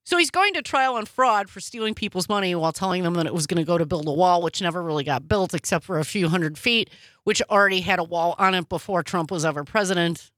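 A woman co-hosting a casual news chat, sarcastic and quick with asides. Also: lowish voice, a bit bright, no echo, studio quality. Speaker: podcast co-host.

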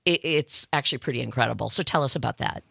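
A woman hosting a radio show, effusive and quick to laugh. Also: rumbling low, creaky, a bit bright, slightly rough, no room sound, studio quality. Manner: emotional, effusive, laughs easily. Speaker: radio host. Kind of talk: casual radio interview.

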